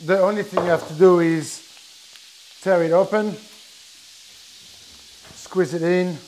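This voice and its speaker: Man, French accent, chef, chatty cooking demo, slightly high voice, faint sizzle and hiss behind. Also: fairly even intonation, takes it slowly, darkish tone, poor audio. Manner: chatty, explains step by step with many restarts. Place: kitchen with food sizzling. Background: frying sizzle.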